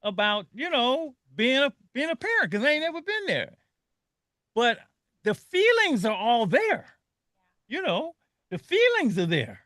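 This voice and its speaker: An older man with a high, bright voice, hosting a radio talk show. He speaks earnestly and with feeling, often stopping to restart a phrase. The sound is close and dry. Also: wildly swooping pitch, measured pace, dry recording. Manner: emotional, earnest storytelling with frequent restarts.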